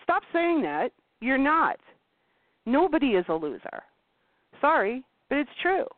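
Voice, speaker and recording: On a casual podcast, this blunt, lively host curses freely and imitates anyone she quotes, her fairly high voice ranging widely in pitch. She speaks a little slowly. The recording is dry, coming through a thin, phone-like line.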